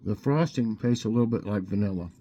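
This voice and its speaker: A man's voice: on the low side, fast talker, lo-fi sound, slight background noise. A man hosting a casual snack review show, chatting easily and eating as he talks. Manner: relaxed, chatty, eats while talking.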